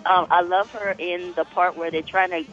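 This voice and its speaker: A woman's voice: fairly low pitch, steady tone, moderate pace, fairly bright tone, faint music behind. A woman in her thirties calling in to a radio show, chatty and a bit hesitant. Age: 30s. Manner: chatty, giggly, hesitant fillers. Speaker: caller. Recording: dull phone-in line.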